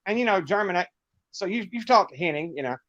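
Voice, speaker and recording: A man's voice: high voice, lively intonation, fast, a bit bright, dry recording, highs cut off. A middle-aged man with a Southern US accent, chatting as a guest on a livestream and telling rambling, laughing stories in a folksy way. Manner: folksy, rambling storyteller who laughs often. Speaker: guest musician. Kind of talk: casual livestream chat.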